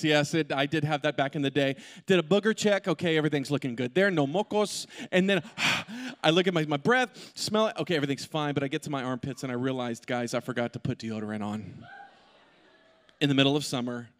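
A middle-aged male pastor telling a funny personal story in an animated way, with asides to the congregation. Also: medium pitch, fairly quick. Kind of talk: sermon with humorous personal story. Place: large church auditorium. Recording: long hall reverb.

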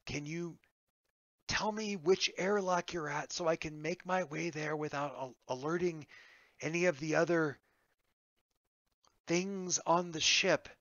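Man playing a frightened bloodied survivor, hoarse urgent whisper, bright voice, dull lo-fi sound. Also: a little high, measured pace, pauses often, no echo, pitched above the performer's own voice. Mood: whispered pleading. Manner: nervous, hushed, pleading. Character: harried, bloodied male human survivor hiding out.

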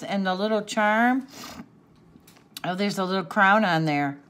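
A woman's voice: mid-range voice, measured pace, fairly bright tone. An older woman hosting a craft channel, gushing and tearful as she opens a gift, gasping and laughing often. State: tearful, sniffling. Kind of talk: casual unboxing chat.

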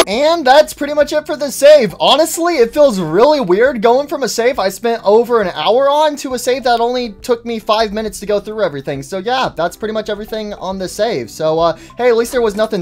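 A man giving excitable, goofy casual commentary as a gaming YouTuber. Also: extremely high pitch, a little fast, hardly any pauses.

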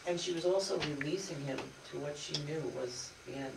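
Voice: mid-range voice, fairly quick, creaky. A class attendee chiming in with thoughtful remarks during a parish talk. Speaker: audience member. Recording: echoey room from far off, loud hiss.

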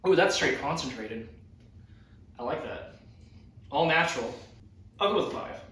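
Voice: mid-range voice, lively intonation, a bit bright. A co-host of a casual snack taste-test, easygoing, drawing out reactions to each snack. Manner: slow, easygoing, drawn-out reactions. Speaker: co-host of a snack tasting video. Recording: very echoey room, mic far off.

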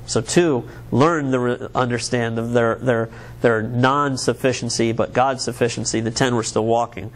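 A man's voice: medium pitch, steady tone, normal speed. Earnest American man preaching a sermon. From United States. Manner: conversational, earnest, with repeated restarts. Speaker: pastor.

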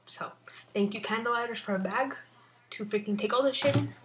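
A young woman chatting excitedly in a casual unboxing vlog from her bedroom, rambling, swearing often and sometimes whispering. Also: fairly high pitch, fairly quick, a little hiss or hum. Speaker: vlogger.

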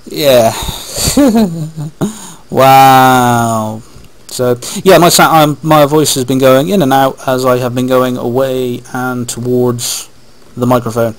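A man hosting a casual let's play, rambling along and talking to himself as he plays. His voice sits at an ordinary middle pitch, and it is picked up by a webcam microphone rather than a headset. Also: slow, low-quality recording. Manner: rambling, chatty, talks to himself while playing. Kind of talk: casual gameplay commentary.

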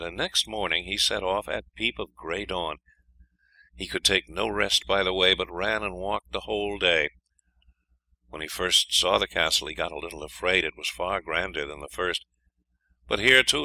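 A man reading a fairy tale aloud in an expressive, lively storytelling manner. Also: low-pitched, vocal fry, no echo, low-quality recording. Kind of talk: scripted fairy-tale narration.

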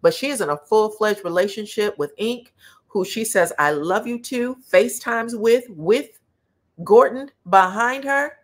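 A woman's voice: medium pitch, a little slow. A woman hosting reality TV commentary, chatting casually and sassily while reading viewer comments. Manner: sassy, uses slang like child and delulu.

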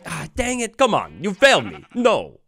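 A man's voice: high-pitched, huge pitch swings, moderate pace, a bit bright, slight background noise. A man hosting a game let's play, giving upbeat, jokey commentary with bursts of theatrical mock outrage. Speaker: Minecraft let's play host.

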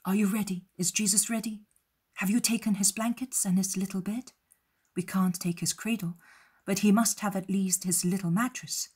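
A woman voicing Joseph, a protective, steady grown man, in a soft breathy voice. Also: mid-range voice, moderate pace, lightly acted. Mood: urgent.

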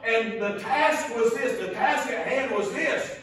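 High-voiced Southern preacher in echoey church. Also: male voice, fairly bright tone, far from the mic. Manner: slow, emphatic, repeats key phrases. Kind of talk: sermon. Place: church sanctuary.

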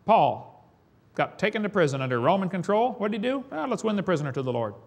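A man's voice: sits high, very animated, fast talker. A man preaching a sermon, telling folksy stories with chuckles.

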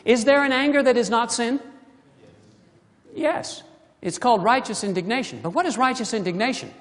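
A preacher delivering a sermon, with emphatic delivery and many rhetorical questions to the congregation, swinging between loud emphasis and hushed asides. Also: medium pitch, moderate pace. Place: church sanctuary. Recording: long reverb of a church hall.

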